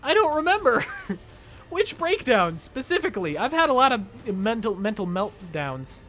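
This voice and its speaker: Loud, jokey male game streamer. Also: high-pitched, unhurried, soft background music. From United States. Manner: loud, jokey, excitable, chatting with viewers. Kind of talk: casual live-stream commentary. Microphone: desk microphone.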